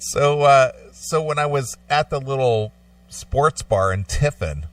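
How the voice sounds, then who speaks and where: A man's voice: medium pitch, lively intonation, measured pace, no room sound, recorded from a distance. A man co-hosting a radio talk show, telling stories in a laid-back, wry way. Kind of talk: casual chat.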